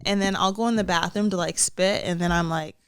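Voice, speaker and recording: A woman's voice: fairly low pitch, fairly even intonation, fairly quick. A young woman co-hosting a podcast, telling candid stories in casual chat and laughing often. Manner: candid, chatty storytelling with frequent laughs. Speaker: podcast co-host.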